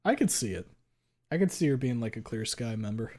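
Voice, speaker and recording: A man chats casually with viewers on a live stream, swearing often and peppering his speech with "like." He's animated and a little fast, and when something amuses him he gets loud and high.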